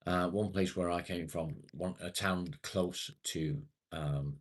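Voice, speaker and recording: With a low voice, fairly even intonation and a slow pace, this British live streamer from England chats casually to his viewers. He rambles along and lets a swear word slip now and then.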